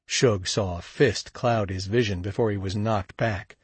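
A man narrating a crime story in a steady, measured audiobook read. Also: lowish voice, husky, dry recording. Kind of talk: scripted narration.

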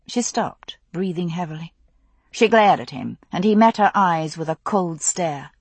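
A woman narrating a novel with intense, expressive storytelling. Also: fairly low pitch, normal speed, slightly rough, no room sound. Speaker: audiobook narrator.

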